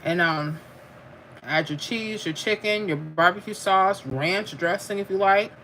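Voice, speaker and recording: A woman's voice: mid-range voice, a little slow, fairly bright tone, a little hiss or hum. A middle-aged woman, chatting casually while she eats on a home livestream and reads out viewer comments, laughing and calling people "honey". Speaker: livestream host.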